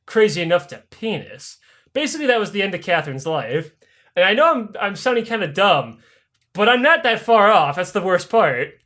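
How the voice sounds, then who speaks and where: At a moderate pace, a young podcast host delivers history as crude, rowdy comedy, with swearing in nearly every line. His voice is high and swings dramatically in pitch, and he animatedly performs the characters' voices mid-story.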